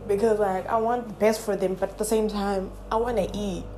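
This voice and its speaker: A woman vlogging casually from her home kitchen, chatty and playful, her voice a little hoarse from yelling. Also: mid-range voice, steady tone, a little fast, background noise. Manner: playful and chatty, talks straight to viewers. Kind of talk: casual cooking vlog chat.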